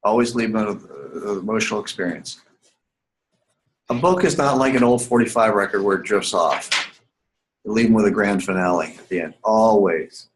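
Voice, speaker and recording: A man's voice: fairly low pitch, low-quality recording. A man teaching a writing seminar class live, emphatic and repetitive, often asking the students whether they follow. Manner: emphatic, repeats key points, asks the class questions.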